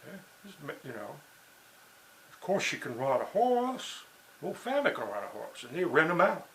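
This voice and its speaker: A man's voice: fairly high pitch, big pitch swings, moderate pace, a bit bright, slight background noise, poor audio. A man talking in a rambling, digressive monologue, full of "you know" and "see" and restarts. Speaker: writer and blogger.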